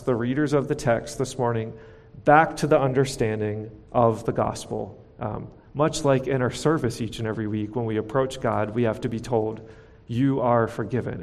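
A man delivers a sermon from the pulpit in a steady, mid-pitched voice. He teaches earnestly and poses rhetorical questions to the congregation. His words carry a long reverb from the church sanctuary. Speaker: pastor.

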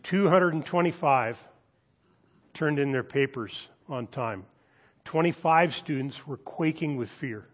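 Man preaching a measured sermon. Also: a little high. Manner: measured, deliberate reading with dramatic pauses; animated storytelling, lifting his voice for quoted students. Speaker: pastor.

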